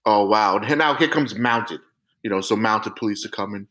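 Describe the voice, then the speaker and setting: A man's voice: lowish voice, moderate pace, poor audio. A man co-hosting a podcast, telling stories in casual, profane chat. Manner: animated, profane, acts out quotes. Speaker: podcast co-host, police officer.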